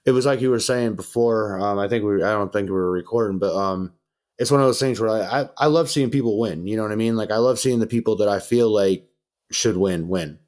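A man's voice: on the low side, brisk, darkish tone. Laid-back young man telling a story. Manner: laid-back, profane, lots of fillers, acts out quotes. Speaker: podcast host. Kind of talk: casual storytelling chat.

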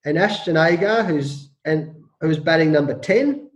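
Middle-aged Australian male coach, lively storyteller who bursts into quoted shouting; higher voice, reverberant room. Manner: acts out quoted shouting, rapid repetitions. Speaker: cricket coach and author. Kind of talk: animated storytelling in an interview.

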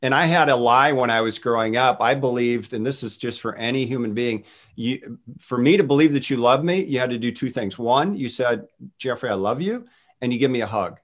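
A man's voice: medium pitch, a little fast, a bit bright. A middle-aged man, a guest minister, earnestly telling personal faith stories in a casual talk, with many restarts.

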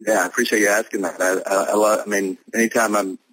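A man who is a pastor, talking as a podcast guest in an easygoing way with many fillers, with a husky voice. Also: fairly low pitch, fairly even intonation, fast, a bit bright, dry recording, rough recording. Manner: easygoing, full of verbal fillers. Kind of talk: casual podcast interview.

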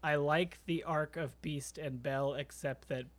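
A man's voice: fairly high pitch, steady tone, measured pace. A man co-hosting a podcast, giving a hesitant, self-deprecating movie review in casual chat. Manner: hesitant, self-deprecating, chuckles between phrases. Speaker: podcast co-host.

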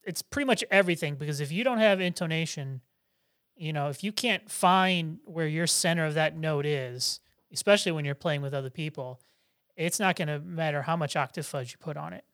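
A man's voice: on the high side, a little fast, fairly bright tone, no room sound, studio quality. A man interviewing a guitarist, asking his questions in an easygoing, chatty way.

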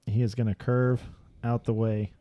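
Podcast host guy, mid pitch, joking around, reads headlines, dry close sound. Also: little pitch movement, normal speed, dark tone, no room sound. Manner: reads news aloud, jokey, narrates what is on screen. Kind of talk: casual chat. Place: podcast studio.

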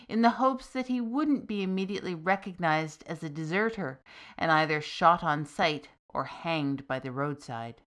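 A woman narrating a fairy tale in a measured, expressive storytelling manner. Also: lowish voice.

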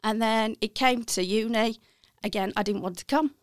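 Her voice sits on the high side and moves at an ordinary pace: she is a middle-aged Birmingham woman from the West Midlands, a partner at an accounting firm, speaking as an interview guest. She is frank and reflective, frequently self-correcting mid-sentence with soft laughs. The recording is dry and clean, like a studio.

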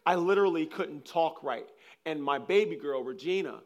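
A man preaching a sermon, telling personal stories in a rambling, animated way, with frequent restarts. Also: a little high, normal speed, dull audio. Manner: animated, acts out scenes with loud laughter and shouts; rambling, restarts sentences often.

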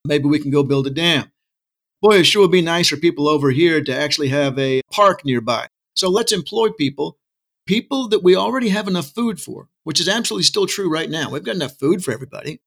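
A man's voice: fairly high pitch, lively intonation, brisk, creaky, fairly bright tone. A middle-aged man talking with passion as an interview guest, arguing his case with asides and rhetorical questions. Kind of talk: casual interview talk. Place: Texas.

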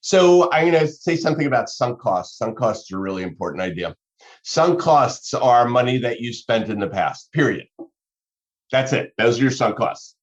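A man talks through business advice with a lively, rising-and-falling delivery, restarting phrases as he works through examples. The recording sounds dull and lo-fi. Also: mid-range voice, moderate pace. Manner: animated, explanatory, talks through examples with self-corrections. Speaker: business advisor. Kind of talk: conversational advice talk.

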